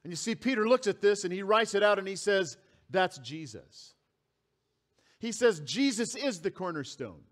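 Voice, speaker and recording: A man's voice: high voice, expressive, fairly quick, few pauses. A man preaching a sermon as pastor, reading scripture aloud and repeating key phrases for emphasis. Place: church sanctuary.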